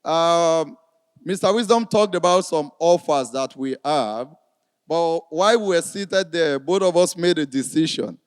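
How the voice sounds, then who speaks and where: A man giving a relaxed, chatty stage address at a finance event, with many fillers. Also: on the high side, a little slow, clear, resonant tone. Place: large event hall. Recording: reverberant hall, long echo.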